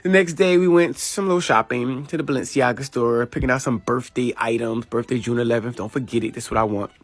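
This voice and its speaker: A man's voice: mid-range voice, fast talker, no echo. A man in a casual travel vlog voice-over, flamboyant and sassy, hyping himself up. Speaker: fashion designer vlogger.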